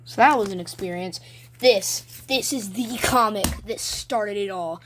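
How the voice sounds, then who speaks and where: A young woman talks through her homemade comics in a loose, rambling show-and-tell. Her voice sits at an ordinary middle pitch, picked up close on a phone. A faint hiss runs underneath. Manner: rambling, chatty, reads her own comics aloud with quick silly voices. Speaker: vlogger showing her drawings. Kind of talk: casual show-and-tell vlog. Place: home room, lights turned down.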